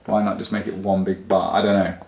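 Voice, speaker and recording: A man's voice: low voice, level tone, fast talker, muffled recording. A man hosting a casual conversation, telling stories in a rambling, easygoing way. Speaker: host. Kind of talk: casual chat. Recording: echoey room.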